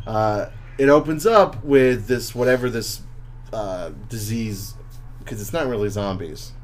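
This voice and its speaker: A man co-hosting a casual podcast chat, telling stories excitedly with lots of fillers and restarts. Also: fairly low pitch, unhurried. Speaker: podcast co-host.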